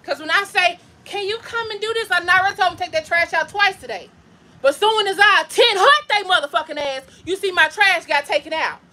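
A woman vlogger rants bluntly and profanely into her phone at home during a livestream. Her voice sits very high and rings bright and sharp. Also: a little fast. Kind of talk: casual livestream rant.

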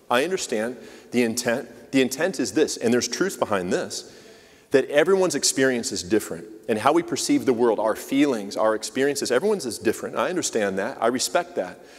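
A man's voice: medium pitch, expressive, fairly quick, in a large hall. A man preaching a sermon in a church, talking in a conversational way and putting questions to the congregation. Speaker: church leader giving the message. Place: church sanctuary.

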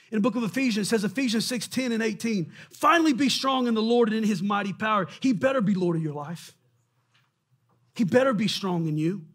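A man preaching a sermon in a church, impassioned and often shouting, acting out the voices of doubters. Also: high-pitched, husky. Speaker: pastor.

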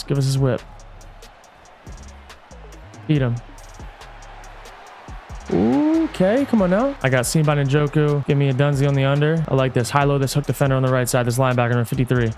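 Male gamer, excitable play-by-play of his own game, coaches himself aloud, slightly high voice, faint music bed. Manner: excitable, coaching himself, yelling at big plays. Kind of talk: hyped live gameplay commentary.

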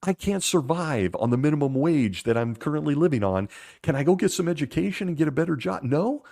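A man's voice: a little high, lively intonation, a little fast, gravelly, dark tone. A man hosting a podcast, giving critical commentary in a sarcastic, mocking way. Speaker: podcast host.

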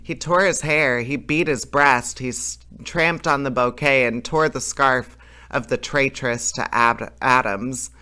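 A man's voice: mid-range voice, fairly even intonation, a little slow, pushed and bright, clean tone. A man reading a fairy tale aloud as a storyteller, plain and unpolished, with small slips and self-corrections.

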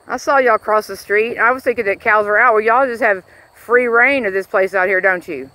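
Outdoors in a rural pasture, a woman religious vlogger rants rambly about faith in a brisk, sharp, medium-pitched voice, pausing to coo at the cows nearby. Wind and animal sounds fill the background of the rough recording.

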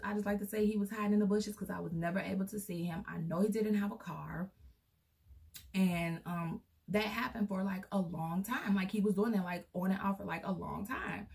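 A woman's voice: medium pitch, gravelly, a little mellow. A young woman vlogger telling a personal story in a casual, rambling way, full of fillers, recorded from a distance.

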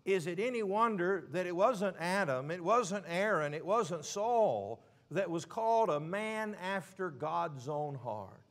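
Emphatic preacher man, slightly high voice. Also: animated. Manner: emphatic, with slow drawn-out stresses and sudden quiet drops. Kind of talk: sermon.

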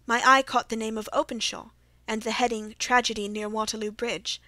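A woman's voice: on the high side, little pitch movement, moderate pace, pushed and bright, dry recording. A woman reading the part of an earnest male doctor companion in an audiobook, plain-spoken. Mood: alarmed, questioning.

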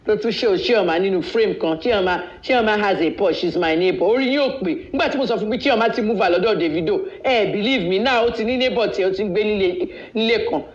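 A man's voice: high voice, fast talker, few pauses. A man from Nigeria hosting a live video, ranting in a blunt, boastful way and switching freely between languages. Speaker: live-stream host. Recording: echoey, dull live-stream audio.

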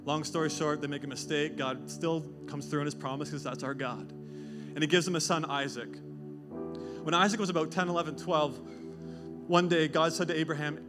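A man preaching a sermon, retelling scripture with animated storytelling and quick character voices. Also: fairly high pitch, over music. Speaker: pastor.

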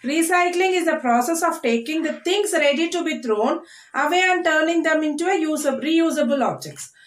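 A woman teaching a class to children. She speaks slowly and deliberately, repeating each word and breaking it into syllables. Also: high-pitched. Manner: slow, deliberate, repeats words and spells them out in syllables. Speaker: English teacher. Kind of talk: online classroom lesson. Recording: echoey room.

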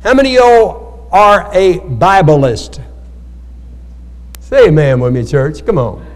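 A male pastor takes it slowly, his high voice full of lively intonation, as he preaches a Bible study sermon. He calls for amens from the congregation in call-and-response, recorded in an echoey church hall.

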